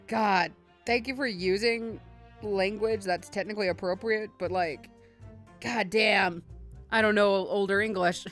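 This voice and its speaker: A woman's voice: mid-range voice, steady tone, a little slow, fairly bright tone, faint music behind. A young woman streaming a game playthrough, reading the dialogue aloud and talking casually, swearing and mocking herself.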